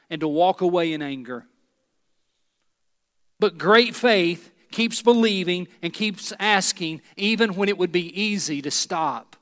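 A male pastor preaches in an earnest, emphatic way, with a notably high voice. He turns to the congregation with rhetorical asides. His words ring out with the long reverb of a large sanctuary. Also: fairly bright tone. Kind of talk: sermon.

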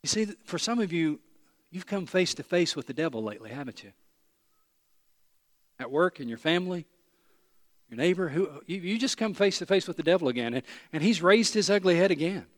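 A pastor, from East Tennessee, preaching a sermon with animated storytelling, self-deprecating humor and emphatic repetition. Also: male voice, fairly high pitch, brisk, pauses often, no room sound, clean studio sound.

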